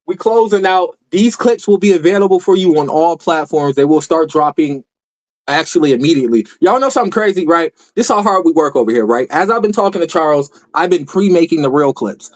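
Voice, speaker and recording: A man hosting a podcast, signing off in a hyped, slangy way and reeling off shout-outs. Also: fairly high pitch, lively intonation, fairly quick, highs cut off. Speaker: podcast host. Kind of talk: casual podcast sign-off.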